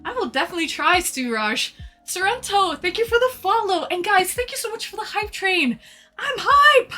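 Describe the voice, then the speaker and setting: A Canadian woman with a Canadian accent, chatting excitably on a live stream as she reads out her chat. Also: very high-pitched, a little fast, faint music behind.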